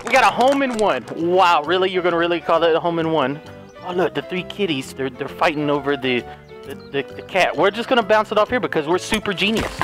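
A man's voice: high-pitched, expressive, fast, music in the background. A man giving hyper, jokey playthrough commentary as a gaming YouTuber, breaking into squealing outbursts.

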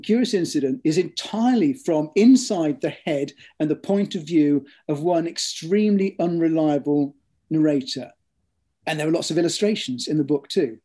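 Speaking softly with a touch of raised pitch, an author reflects on his stories during an interview. He keeps a measured rhythm but keeps restarting, peppering his speech with ums and repetitions.

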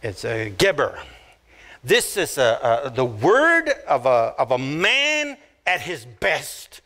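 A man preaching a sermon, emphatic and repetitive, slowing right down to stress key words. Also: medium pitch, huge pitch swings, bright, forceful tone. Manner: emphatic, repeats phrases, slows down to stress words; acts out little quoted voices. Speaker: pastor.

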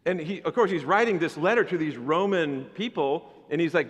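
A man delivers an animated sermon as pastor, his voice pitched high for a man. He slips into chatty, playful asides to the congregation. The sound carries the long reverb of a church hall. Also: normal speed, breathy edge. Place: church sanctuary.

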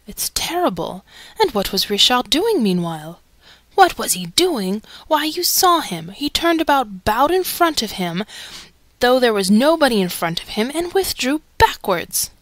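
A woman's voice: fairly high pitch, very animated, a little slow, fairly bright tone, no echo. A woman reading aloud and voicing an agitated male theatre secretary who exclaims with emphasis, in a storybook. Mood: indignant.

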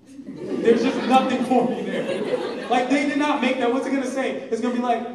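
A male stand-up comedian telling animated stories about his family on stage. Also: very high voice, a little hiss or hum. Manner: animated, storytelling, fast bursts and laughs. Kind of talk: stand-up set. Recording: echoey room, far from mic, crowd laughing.

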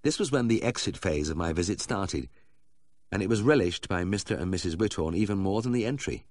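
Deep-voiced man reading a story. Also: animated, brisk, no room sound, clean studio sound. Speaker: audiobook narrator. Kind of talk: scripted narration.

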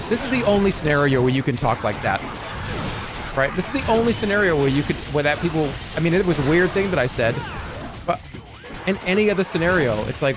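A man streaming a video game, chatting casually with viewers in a jokey, exaggerated way. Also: fairly high pitch. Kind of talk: casual livestream chat while gaming. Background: game music.

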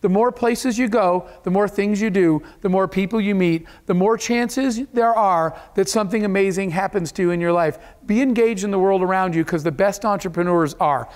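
This keynote speaker, a man with a high-pitched voice, talks at a moderate pace with few pauses. In an event hall, he tells stories to his audience in an earnest, emotional motivational speech.

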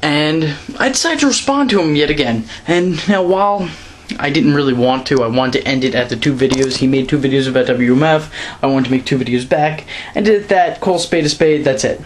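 A young man ranting straight into his camera, scornful and mocking, his pitch jumping up to stress a point. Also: a little fast, a little hiss or hum. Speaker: wrestling vlogger. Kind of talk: direct-to-camera rant. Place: quiet room at night. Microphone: camera mic.

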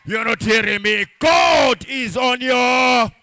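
High-voiced fervent male preacher. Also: takes it slowly, dry recording. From Africa. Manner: fervent preaching with chanted, sung phrases and shouts. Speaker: pastor. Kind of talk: sermon.

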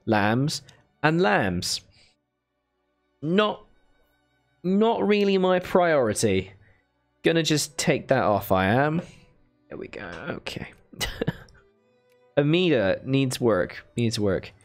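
Speaking slowly but with animation, the streamer keeps a medium pitch over faint background music. He thinks aloud as he plays a strategy game live, chatting casually and thanking viewers with bursts of excitement.

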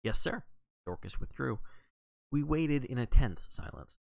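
A man's voice: mid-range voice, lively intonation, unhurried, gravelly, darkish tone, dry recording. A man reading a classic mystery novel aloud on a livestream, narrating expressively. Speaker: audiobook reader on a livestream.

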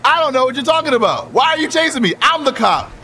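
Brash male streamer in a cop roleplay, high, lively voice, bright tone, profane and loud. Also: fast talker, slight background noise. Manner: brash, profane, yelling and joking. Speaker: streamer playing a police officer in online roleplay. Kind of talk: loud improvised game roleplay.

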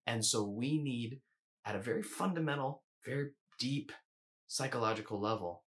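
A man coaching viewers in a calm, measured instructional talk, sometimes restarting his phrasing. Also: mid-range voice. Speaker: eating coach.

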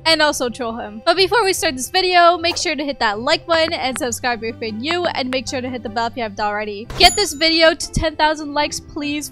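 A young woman giving playful gameplay commentary as a gaming YouTuber, chatty and quick, giggling often between lines. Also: sits high, a bit bright. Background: faint background music.

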